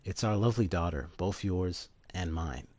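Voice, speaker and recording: A man voicing a doting middle-aged male professor in a quick, affectionate, low manner. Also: darkish tone.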